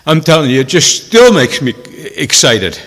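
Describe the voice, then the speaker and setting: A man telling a personal testimony in a sermon, emotional and tearful, dropping to hushed whispers and rising to loud exclamations. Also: fairly high pitch, big pitch swings, normal speed, long reverb tail. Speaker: preacher.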